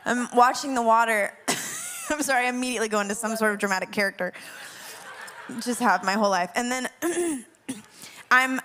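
A woman worship leader telling a funny dream story, animated and dramatic, laughing as she goes. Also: a little high. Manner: animated, laughing often, dramatic self-mocking asides. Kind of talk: humorous dream storytelling to a class.

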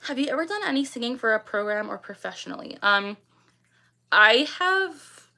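A woman's voice: a little high, big pitch swings, normal speed, gravelly, sharp tone. A young woman hosting a casual livestream, reading viewer comments and chatting with lots of ums and likes. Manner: chatty, many ums and likes, laughs often. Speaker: livestream host.

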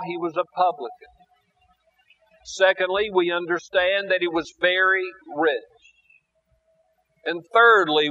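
A male preacher telling a story in a sermon at a church, slow and deliberate with dramatic pauses, on a dull lo-fi recording. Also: on the high side, fairly bright tone.

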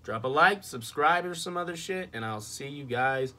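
A man's voice: on the high side, animated, moderate pace, sharp tone. A young man ranting casually and profanely in a movie review vlog, exasperated. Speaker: vlogger.

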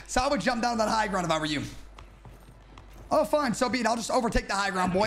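A young-sounding man with a strikingly high voice taunts his rivals in a cocky, sing-song way. He boasts and jeers as he plays. Gunfire from the game rattles clearly behind him. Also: expressive, fast, fairly bright tone, a little hiss or hum. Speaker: streamer. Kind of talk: trash-talking gameplay commentary.

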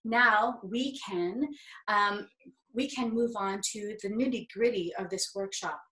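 Young female drama teacher, encouraging, slow-paced, echoey room. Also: mid-range voice, sharp tone. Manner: upbeat, encouraging, playful. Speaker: acting teacher. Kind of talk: drama workshop for kids.

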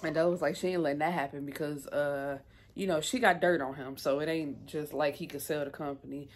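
Woman, low voice, casual TV recap, chatty, rambling, lots of fillers. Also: fairly even intonation, brisk. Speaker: TV episode reviewer.

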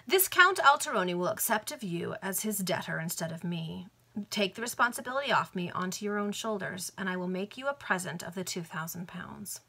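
A woman voicing a cool, scheming male Victorian financier in a read-aloud novel, speaking with calm irony. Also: medium pitch, a little fast, gravelly, slightly rough, heavily acted. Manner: cool, ironic.

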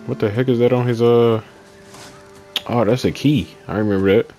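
A man's voice: mid-range voice, fairly even intonation, normal speed, mellow, faint music behind. A young man giving casual, slangy commentary while playing a video game, talking back to the characters on screen. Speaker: gaming YouTuber.

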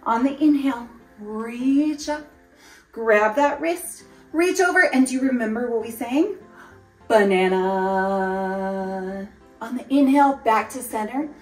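A woman's voice: high-pitched, normal speed. A woman teaching a family yoga flow, cheerful and encouraging, singing some of her cues. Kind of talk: guided kids' yoga with singing. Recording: roomy, mic at a distance, music underneath.

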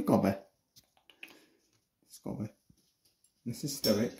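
Low-voiced woman showing her pets. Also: expressive, unhurried, mellow. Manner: jumps into a high sing-song baby voice to greet the pets. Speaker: pet vlogger. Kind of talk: casual pet tour vlog.

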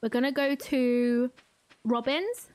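Brief: excitable woman streamer, high voice, slow chatty delivery, giggles often. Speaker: game streamer. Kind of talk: live gameplay commentary.

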